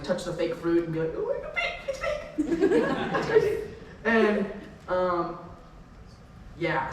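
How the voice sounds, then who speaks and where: Young guy rambling excitedly on a con panel, higher voice, big echoey hall, a bit far off. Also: a little hiss or hum. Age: young adult. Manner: excitable, tangent-prone, laughs often. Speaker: convention panel guest. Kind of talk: rambling anecdotal Q&A. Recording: echoey hall, mic heard from afar.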